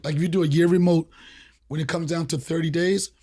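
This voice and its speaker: A man's voice: a little high, brisk. A man from the Washington, D.C. area, hosting a podcast and telling a long story in casual chat with lots of swearing and acted-out voices. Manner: animated, profane storyteller acting out voices. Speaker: podcast host.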